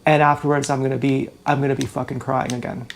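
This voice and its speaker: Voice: mid-range voice, level tone, fast talker, a little hiss or hum. A YouTuber venting in an emotional vlog, agitated, profane and rambling, fired up and upset, talking into a GoPro camera while streaming live indoors.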